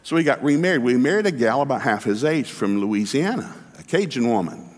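A middle-aged man preaches in a fast, folksy storytelling way, his pitch swinging widely as he acts out each voice in a conversation. His voice carries a long reverb from a large hall. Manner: folksy, animated storyteller acting out both sides of dialogues. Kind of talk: sermon with storytelling.

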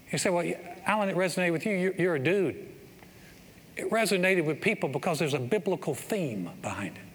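A middle-aged man preaching a sermon as pastor, telling a story and building to excited exclamations in a church. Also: a little high, a little hiss or hum. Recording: long hall reverb, faint ambience.

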